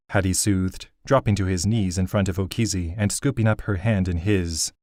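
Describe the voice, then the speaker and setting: A male audiobook narrator reading fantasy in a measured, steady way. His voice sits on the low side, recorded dry and close with no room sound. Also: no room sound.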